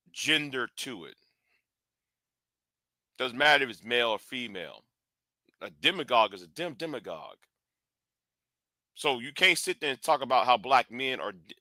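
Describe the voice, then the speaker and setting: Man, slow deliberate talk, bright forceful tone, blunt live stream commentary, dry close mic. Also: medium pitch, no room sound. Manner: blunt, confrontational, with restarts and repeated words.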